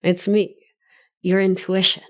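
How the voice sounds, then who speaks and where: A woman voicing gentle, loving inner intuition. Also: mid-range voice, level tone, close to an everyday voice. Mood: tender. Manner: gentle sing-song, unhurried.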